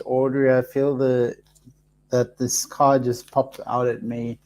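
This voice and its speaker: A soft-spoken man hosting a live card reading, talking slowly and haltingly with many pauses and fillers. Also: mid-range voice. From Africa. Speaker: host reading cards for live viewers.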